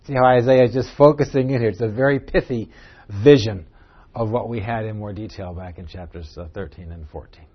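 A man teaching a Bible class, explaining the text and moving between low asides and a louder reading voice. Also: fairly quick, husky. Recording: dull lo-fi recording.

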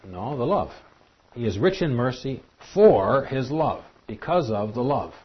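A man preaching a sermon in an animated, emphatic way. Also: mid-range voice, slightly rough. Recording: dull lo-fi recording.

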